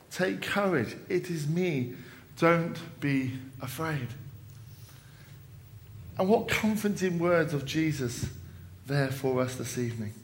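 A man's voice: high voice, gravelly, fairly bright tone. A man giving an evening sermon at a church service, retelling a story with dramatic rises and falls and quoted lines. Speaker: preacher.

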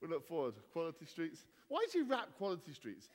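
Brief: male vicar, high bouncy voice, jokey crowd banter, long church-hall reverb. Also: huge pitch swings, fairly quick. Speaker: vicar leading a church gathering. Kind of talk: playful banter with the congregation.

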